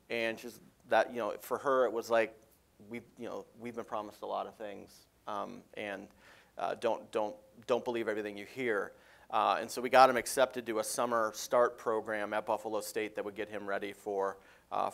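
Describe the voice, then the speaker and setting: A man speaking on a panel, telling a personal service story with frequent pauses and fillers. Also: on the low side, fairly bright tone, clear, resonant tone. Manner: hesitant, with many fillers.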